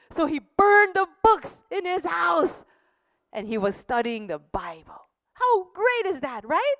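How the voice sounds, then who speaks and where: A woman telling a Bible story to children in a slow, expressive storytelling manner. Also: very high-pitched, dry recording. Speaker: children's ministry teacher.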